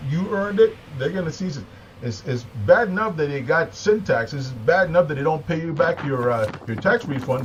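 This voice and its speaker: A man giving an agitated, emphatic monologue, repeating words and pausing for deep breaths. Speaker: political commentator. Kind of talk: impassioned monologue. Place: home, with a small AM radio nearby. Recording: slightly dull lo-fi recording with faint noise.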